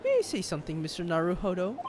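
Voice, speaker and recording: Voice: medium pitch, huge pitch swings, fast talker, noisy background. A gamer voicing a polite, earnest young woman assistant to a defense lawyer.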